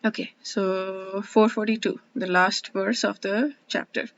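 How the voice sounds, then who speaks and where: A woman hosting her own verse-by-verse study, talking earnestly and haltingly with many restarts as she reflects and explains. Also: mid-range voice, flat delivery, fairly bright tone. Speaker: host studying scripture one verse a day. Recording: dull lo-fi sound.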